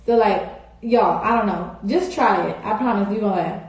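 A woman's voice: medium pitch, moderate pace, a little mellow. A young woman, chatting casually and rambling to her viewers on a phone live stream, full of "like" and "y'all". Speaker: social media personality on a live stream. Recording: very echoey room on a phone.

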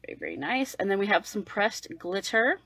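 A woman vlogging a makeup unboxing livestream, gushing and excitable, sometimes dropping to a whisper. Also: mid-range voice, a little fast, breathy edge, no room sound, poor audio. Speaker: beauty vlogger.

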